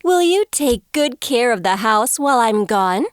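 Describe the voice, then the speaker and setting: A woman voicing a gentle, worried mother goat in a children's cartoon, soft and caring. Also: a little high, very animated, measured pace, no echo, clean studio sound. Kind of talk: children's cartoon storybook voice acting. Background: background music.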